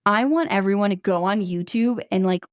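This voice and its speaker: A woman's voice: mid-range voice, a little fast, clean tone, dry recording, clean studio sound. A woman hosting a true-crime podcast in casual chat. She is blunt and opinionated and swears freely. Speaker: podcast host.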